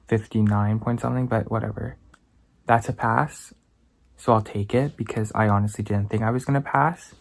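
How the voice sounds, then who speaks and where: Young man, from Canada, gravelly voice, casual vlog, rambling and self-deprecating. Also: mid-range voice, dry recording. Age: young adult. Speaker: student vlogger. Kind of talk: casual vlog talk to camera.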